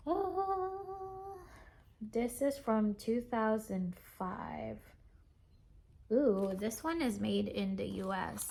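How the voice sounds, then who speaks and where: A woman vlogger chatting casually as she shows off craft kits, gushing and excitable, with lots of fillers and sighs. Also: mid-range voice, gravelly. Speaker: cross-stitch vlogger. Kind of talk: casual show-and-tell chat.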